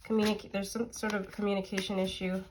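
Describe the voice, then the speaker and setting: A woman with a congested, nasal voice talks her way through a tarot reading in a loose, rambling way, full of "like" and "um". Her pitch sits in an ordinary middle range. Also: level tone, quick pace, background noise. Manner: rambling, lots of "like" and "um". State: stuffy nose, nasal. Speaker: tarot reader. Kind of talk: casual tarot reading chat.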